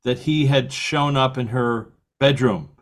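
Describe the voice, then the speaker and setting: A man's voice: mid-range voice, unhurried. An older man hosting a podcast, telling long stories in casual conversation and laughing now and then. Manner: rambling storyteller, laughs often. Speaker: podcast host.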